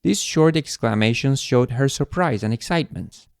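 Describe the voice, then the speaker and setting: Man, English teacher, lively intonation, dry close sound. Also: mid-range voice, no echo. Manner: clear, deliberate explaining. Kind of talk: scripted language lesson.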